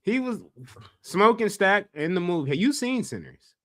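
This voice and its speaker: A man hosting a casual podcast, talking in an animated, profane way and repeating himself when worked up. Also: high voice, normal speed, no room sound, studio quality. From Los Angeles area. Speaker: podcast host.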